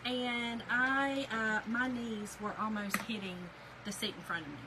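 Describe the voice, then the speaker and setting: Lady telling a story while crafting, high voice, loud hair dryer running. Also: a little slow, background noise. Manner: animated, chatty, addresses viewers as y'all. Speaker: crafting livestream host.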